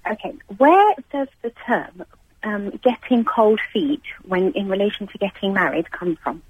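Give me a friendly phone-in caller, a soft breathy voice with a dry sound. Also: mid-range voice, animated, normal speed, dry recording, muffled recording. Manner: chatty, friendly. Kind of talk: phone-in call. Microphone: telephone.

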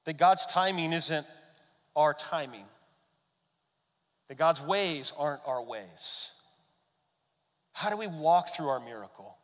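A man, a pastor, preaching a sermon as an animated storyteller who asks his congregation questions. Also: a little high, slow, pauses often, big-room sound.

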